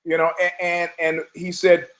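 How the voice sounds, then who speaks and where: A man hosting a talk show, delivering a rambling, emphatic monologue, swearing, stumbling over words and slipping into quick mimicry of other people. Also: a little high, completely flat delivery, a bit bright. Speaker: podcast host. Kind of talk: opinionated monologue.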